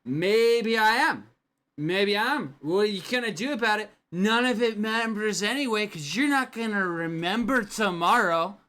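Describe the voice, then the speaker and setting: A man's voice: sits high, normal speed, bright, forceful tone, pitched above the performer's own voice. A man voicing a self-pitying drunk man in a tabletop game, slurring and petulant. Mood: sulky.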